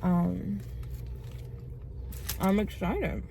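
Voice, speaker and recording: A woman's voice: medium pitch, extremely slow, gravelly, mellow. A young woman chatting straight to her phone camera, open and easygoing, filling her sentences with little fillers. Her voice sits mid-range, with a faint bed of background noise behind it. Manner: chatty, candid, says like a lot. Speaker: vlogger. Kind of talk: casual vlog chat.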